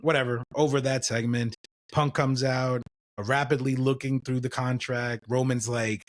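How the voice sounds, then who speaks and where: A man co-hosting a podcast, running through wrestling matches in a loose, casual play-by-play with fillers and quick asides. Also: medium pitch, level tone. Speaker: podcast co-host. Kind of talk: casual wrestling recap chat.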